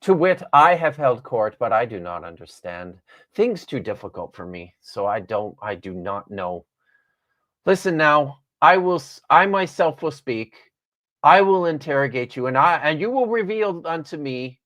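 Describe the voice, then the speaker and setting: A man voicing Job, a worn-down suffering old man, in a measured, solemn scripture reading. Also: medium pitch, lively intonation, fairly bright tone, natural voice.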